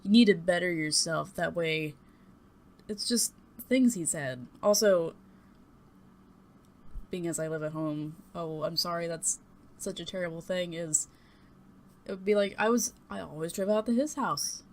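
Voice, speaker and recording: A woman's voice: on the low side, measured pace, long pauses, a little mellow. A young woman talking to her webcam at home, telling a personal story in a rambling, hesitant way, blunt and swearing at times. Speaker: vlogger. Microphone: desktop USB mic and webcam.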